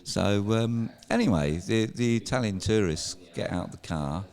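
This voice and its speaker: Male guest from England, low register, animated rambling storyteller, swears freely. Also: a little slow. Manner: rambling, swearing, laughs while telling stories. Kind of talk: casual bar chat, storytelling.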